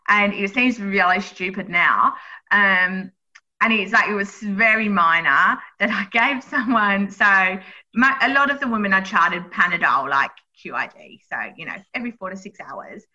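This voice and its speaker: A woman with a very bright, sharp voice chats casually about her work as a midwife. She tells stories with lively energy. The recording is a bit dull and lo-fi. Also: mid-range voice, moderate pace. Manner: chatty, animated storytelling. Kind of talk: casual chat.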